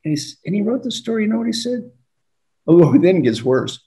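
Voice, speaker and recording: Older man, lively storytelling coach. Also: high-pitched, brisk. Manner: animated, acts out dialogue with laughs. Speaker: executive coach. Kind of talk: storytelling leadership talk.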